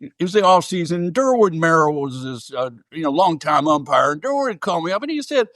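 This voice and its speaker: A man's voice: fairly high pitch, sing-song, fairly quick, fairly bright tone, dry recording, studio quality, pitched above the performer's own voice. A man doing a drawling old Texan ballplayer. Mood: folksy storytelling. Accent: Southern US drawl, as put on. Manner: folksy, drawling yarn-spinning. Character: older Texan ballplayer with a Southern drawl, easygoing storyteller.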